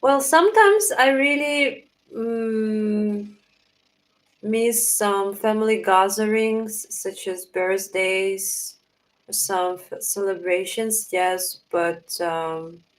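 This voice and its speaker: Slow-talking Russian-accented woman. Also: mid-range voice, low-quality recording. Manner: unhurried, thinking aloud with fillers. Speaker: livestream host reading chat. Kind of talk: casual live chat.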